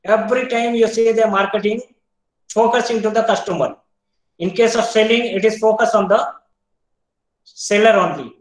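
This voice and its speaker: A man with an Indian English accent giving an online university lecture, explaining step by step, quizzing students, often pausing with "uh". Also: high voice, echoey room, low-quality recording. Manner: explains step by step, asks students questions, frequent "uh" fillers.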